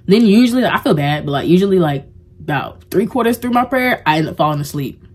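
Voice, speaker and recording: A young woman speaks to her camera in a loose, confessional vlog. Her voice sits low for a woman. She rambles warmly, circling back with filler words as she opens up. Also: lively intonation, fast talker, a little hiss or hum. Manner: rambling and heartfelt, heavy use of "like". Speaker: vlogger. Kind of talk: casual confessional vlog talk.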